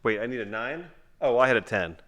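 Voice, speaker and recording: A middle-aged man at home playing a tabletop game with his son, calling out his moves and counting dice aloud in a quiet mutter. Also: medium pitch, expressive, a little fast. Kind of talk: casual tabletop game play.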